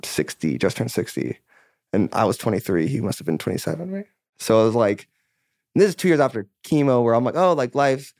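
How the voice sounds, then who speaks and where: A man's voice: mid-range voice, sing-song, a little fast, vocal fry, a little mellow, no echo, studio quality. A man in his twenties from California, a musician guest telling his story in candid casual chat, rambling and full of "like" and swear words as he acts out his own past conversations.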